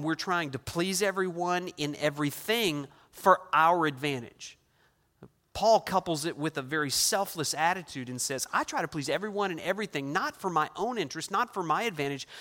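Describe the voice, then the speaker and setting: In a church sanctuary with long hall reverb, a middle-aged pastor delivers an emphatic sermon, stacking up his points with repeated phrases. His voice is a little high and fairly bright.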